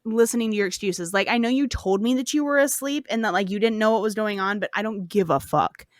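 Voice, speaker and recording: A woman's voice: mid-range voice, fast, no room sound, studio quality, close to an everyday voice. A woman tossing off a spiteful jealous queen. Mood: scornful. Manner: scornful and insulting.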